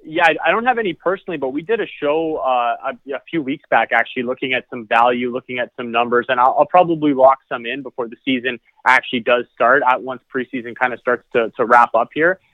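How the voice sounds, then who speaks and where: A man's voice: mid-range voice, fast talker, few pauses, no room sound, narrow, tinny audio. A man chatting casually as a podcast guest, rambling and repeating words as he thinks. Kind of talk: casual chat.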